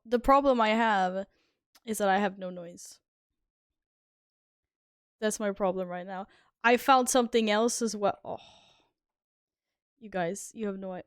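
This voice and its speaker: A woman streamer greeting her chat in a casual, excitable way, laughing and swearing often on a headset mic. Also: mid-range voice, unhurried, pauses often, smooth, dry recording, studio quality.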